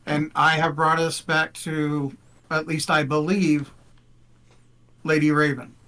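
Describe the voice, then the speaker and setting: A man speaks in character at a tabletop game table, measured and earnest. His voice sits a bit high. He talks slowly. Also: little pitch movement, sharp tone. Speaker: player.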